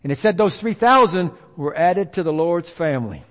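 In the long, ringing reverb of a church hall, an animated preacher with a very high voice preaches emphatically at normal speed. Repetition and call-and-response carry his message.

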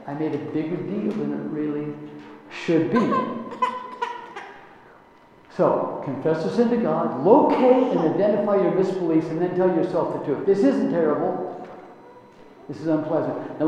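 A man's voice: on the high side, dark tone, a little hiss or hum. A middle-aged man preaching a sermon, earnest and sometimes rising into emotional prayer. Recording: echoey hall, muffled lo-fi sound.

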